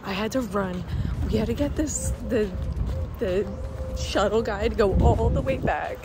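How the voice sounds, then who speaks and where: A woman chatting casually and excitably as she films herself on the go, narrating her day. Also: medium pitch, unhurried, over loud music. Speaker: vlogger. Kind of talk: casual vlog chat. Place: parking garage, cruise terminal and ship.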